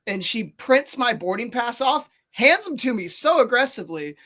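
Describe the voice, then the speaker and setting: Rambling, animated podcast storyteller, a man. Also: extremely high pitch, moderate pace. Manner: animated, rambling, lots of fillers and restarts. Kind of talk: casual podcast chat, storytelling.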